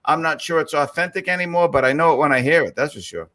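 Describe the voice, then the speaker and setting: Bright-voiced man with a Boston accent. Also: fairly high pitch, fast talker. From Boston, South Boston. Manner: animated storyteller, slips into other voices. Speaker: guest. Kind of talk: casual chat.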